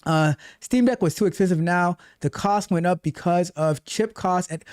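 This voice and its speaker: A man hosts a relaxed tech livestream and chats with his viewers. His voice sits a bit high and moves in an animated, repetitive way. The sound is dry and close. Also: normal speed, few pauses, smooth, no room sound. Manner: animated, repeats himself, reads chat aloud. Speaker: livestream host and tech coach. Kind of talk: casual livestream chat.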